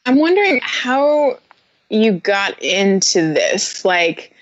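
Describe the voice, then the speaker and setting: A woman's voice: mid-range voice, big pitch swings, slow pace, highs cut off. A woman on a podcast call, chatting in a curious, giggly, talkative way. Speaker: podcast panelist. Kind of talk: casual podcast discussion.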